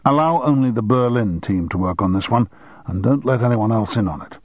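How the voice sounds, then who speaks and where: A man's voice: on the low side, lively intonation, fairly quick, no echo, narrow, tinny audio. A man voicing a commanding middle-aged male newspaper boss who gives curt orders.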